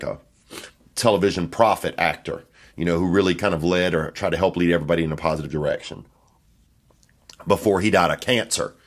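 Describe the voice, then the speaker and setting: A man with a low, deep voice rambles through a comic monologue. He talks in a loose, offhand way and swears freely, like a comedian riffing alone in a hotel room. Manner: loose, profane, offhand storytelling. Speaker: podcast host and comedian.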